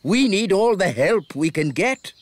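A woman's voice: medium pitch, very animated, unhurried, a little hiss or hum. A woman voicing a fussy, pompous old male elf wizard in a cartoon. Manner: pompous, easily flustered.

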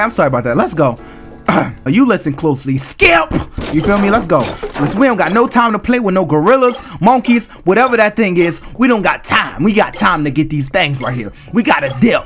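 A man narrating his own horror game playthrough in loose, slangy talk, breaking into screams whenever something jumps out. His pitch swings widely. Game music plays faintly underneath. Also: brisk. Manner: excitable, screams at jump scares, slangy banter with the game. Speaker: gaming channel host. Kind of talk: let's-play commentary.

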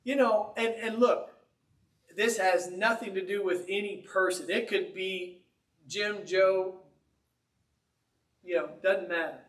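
A pastor delivers his sermon as a lively, conversational story with humor. His voice sits high for a man. The sound is roomy, picked up from some distance in a church. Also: slow, pauses often. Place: church sanctuary.

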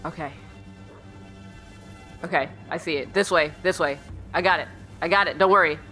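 A woman playing a horror game and commenting as she goes, jumpy, yelping when startled and muttering quietly when she is tense, often calling to her in-game dog. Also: low-pitched, normal speed, long pauses, soft background music. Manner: jumpy, yelps and shrieks, then drops to a hushed mutter. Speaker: let's play streamer.

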